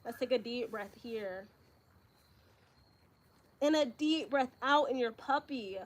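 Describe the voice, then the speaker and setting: A young woman yoga instructor, slightly out of breath, giving calm breathing cues with casual slang asides. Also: on the high side, slow. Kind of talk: live yoga class instruction.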